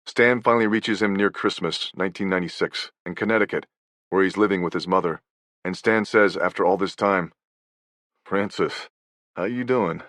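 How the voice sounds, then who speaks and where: Deep-voiced man narrating an audiobook. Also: fairly even intonation, a little fast, fairly bright tone, dry recording, clean studio sound. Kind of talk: scripted nonfiction narration.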